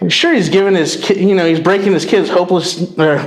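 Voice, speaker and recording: A man performing a stand-up comedy set, animated, landing dry punchlines and slipping into quick quoted voices. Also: high-pitched. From Mexican-American family. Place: comedy club stage with a live audience. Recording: roomy club sound with crowd laughter.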